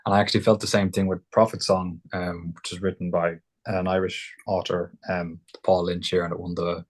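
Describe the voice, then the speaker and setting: Man podcast co-host, low and breathy, measured and reflective. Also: level tone. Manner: thoughtful, measured, with many ums. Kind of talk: casual chat.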